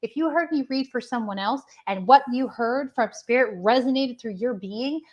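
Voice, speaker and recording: A woman giving gentle, affectionate channeled readings on a live stream. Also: a little high, normal speed, lo-fi sound. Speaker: spiritual medium giving readings.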